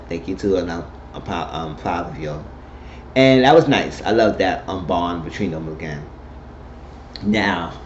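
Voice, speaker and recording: A man giving a casual, animated spoken recap of a TV episode, retelling scenes and quoting the characters. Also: low voice. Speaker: TV recap host. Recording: dull lo-fi recording with faint noise.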